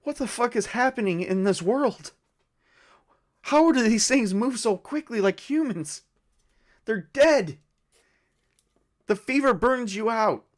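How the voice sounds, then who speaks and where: A man's voice: very high-pitched, animated, takes it slowly, pauses often, pitched above the performer's own voice, full character voice. A man voicing a terrified young woman crying in panic in a solo zombie tabletop game. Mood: panicked.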